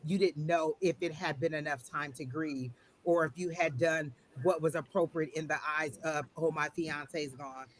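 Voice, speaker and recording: A man giving a live online psychic tarot reading, gentle and reassuring, who often repeats phrases. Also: a little high, steady tone, moderate pace, a little hiss or hum.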